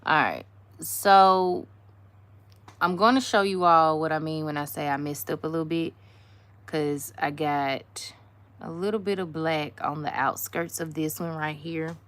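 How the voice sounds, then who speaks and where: Low voiced woman doing a slow chatty nail tutorial, slangy, talks right to viewers, goes quiet n whispery when she's focusing. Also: steady tone. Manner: drops to a whisper while concentrating. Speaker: nail art vlogger. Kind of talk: casual nail tutorial chat.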